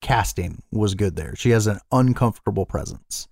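A man's voice: fairly low pitch, lively intonation, moderate pace, vocal fry, darkish tone, no echo, clean studio sound. A man co-hosting a podcast, casually retelling a film plot, swearing freely and rambling with fillers. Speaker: podcast co-host. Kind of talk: casual chat recapping a film.

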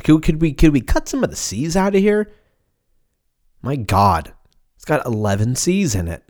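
A man's voice: mid-range voice, very animated, normal speed, a little mellow. Rambling American man with a slight lisp. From United States. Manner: profane, joking, stumbles over words. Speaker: podcast host. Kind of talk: casual rambling chat.

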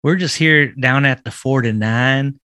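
A man's voice: mid-range voice, unhurried, sharp tone, no room sound, clean studio sound. A man putting on a folksy Southern announcer. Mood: hokey pitch. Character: folksy Southern country man doing a radio ad.

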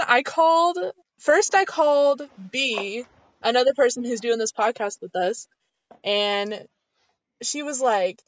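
A woman's voice: fairly high pitch, slow pace, dry recording. A young woman co-hosting a podcast, telling a rambling story in casual chat and laughing often. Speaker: podcast co-host. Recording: slightly dull lo-fi audio, dry.

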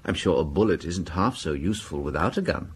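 An actor playing a calm, shrewd priest detective with an English accent, who asks mild, probing questions in a radio drama. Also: male voice, sits low, a little fast, husky, exaggerated voice. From England.

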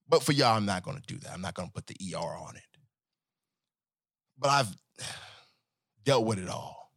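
A man hosting a podcast in a casual solo monologue, profane and animated, swinging between joking and earnest talk. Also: medium pitch, no echo, clean studio sound. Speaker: podcast host.

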